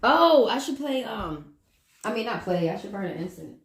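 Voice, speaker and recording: A woman's voice: mid-range voice, sing-song, normal speed. Laughing Southern woman chatting on a livestream. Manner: chatty and profane, laughs often, talks to viewers. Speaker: tarot reader hosting a livestream. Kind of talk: casual livestream chat.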